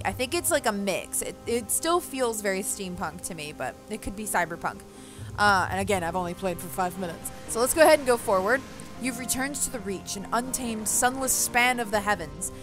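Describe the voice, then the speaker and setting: A woman hosting a let's play, reading the game's story text aloud and chatting excitedly about it between passages. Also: mid-range voice. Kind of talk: casual gameplay commentary, reading game text aloud.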